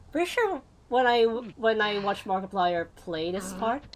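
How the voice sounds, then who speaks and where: Chatty woman streamer on tangents. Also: mid-range voice. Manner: rambling, tangent-prone, frequent laughs. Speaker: VTuber streamer. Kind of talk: casual gameplay stream chat.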